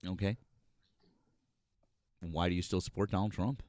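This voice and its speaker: A low-pitched man hosts a call-in politics stream, needling callers and cutting them off to argue. His voice sits close and dry, with no room around it. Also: steady tone, normal speed, darkish tone, no room sound. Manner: combative, mocking, interrupts callers. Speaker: host.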